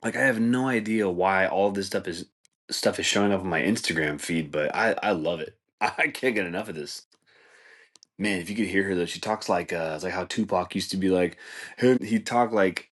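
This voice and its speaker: Low-voiced rambling podcast dude. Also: male voice, moderate pace, a bit bright. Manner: rambling, laid-back, says "dude" and "like" a lot, laughs at his own jokes. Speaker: podcast host. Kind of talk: casual comedic monologue.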